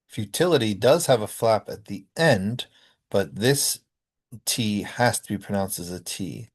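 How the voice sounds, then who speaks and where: A man from North America explaining sound rules in a recorded linguistics lecture, often pausing on ums and uhs. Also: lowish voice, slightly rough.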